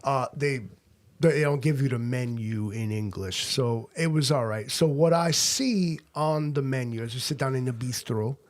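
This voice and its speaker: A man's voice: medium pitch, moderate pace. An American man co-hosting a podcast, telling a long rambling travel story in casual chat. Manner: rambling storyteller, acts out quotes. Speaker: podcast co-host.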